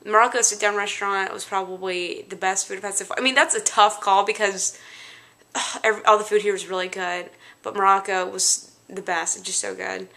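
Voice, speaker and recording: Young woman vlogging, chatty and rambly, bright voice with lots of fry. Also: mid-range voice, fairly even intonation, a little fast. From Louisiana, United States. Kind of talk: casual chat.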